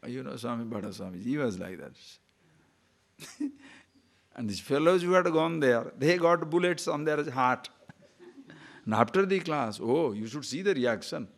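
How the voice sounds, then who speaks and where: An older man gives a spiritual teaching talk, telling stories in an animated way and laughing often. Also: mid-range voice, normal speed, vocal fry, long pauses. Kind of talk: scripture talk.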